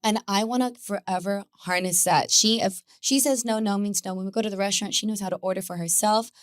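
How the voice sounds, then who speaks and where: A woman's voice: medium pitch, fast talker, dry recording. Chatty woman guest, dry close mic. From Mexican-American family. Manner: chatty, animated storytelling with laughter. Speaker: guest, Pilates instructor. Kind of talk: casual podcast conversation.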